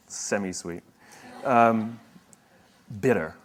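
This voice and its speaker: A man's voice: lowish voice, very slow, a little hiss or hum. A man giving a motivational talk, telling a story in a conversational, wry way with asides and self-corrections. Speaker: motivational speaker.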